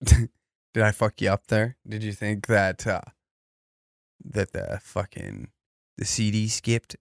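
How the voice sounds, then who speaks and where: A man's voice: fairly low pitch, steady tone, slow pace, creaky, dry recording, studio quality. A man in his twenties doing a crude, rambling comic monologue in a mock-serious tone. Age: 20s.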